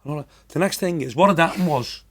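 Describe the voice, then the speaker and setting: Chatty Liverpool comedian telling stories. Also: male voice, a little high, quick pace, fairly bright tone. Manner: anecdotal, chatty, rambling. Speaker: comedian guest. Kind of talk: casual storytelling.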